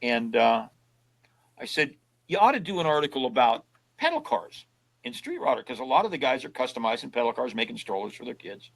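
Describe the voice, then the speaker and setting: Older guy spinning yarns on a podcast, folksy, plays out the back-and-forth himself, mid pitch. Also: big pitch swings, a little fast, creaky, fairly bright tone, rough recording. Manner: folksy storyteller who acts out both sides of past conversations. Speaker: guest. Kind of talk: casual storytelling interview.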